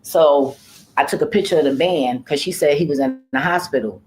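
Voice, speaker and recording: A woman's voice: sits low, a little fast, a little mellow, rough recording. A woman who works as a home care worker, talking casually in a vlog. She tells her story in a profane, rambling way, often trailing off and starting over.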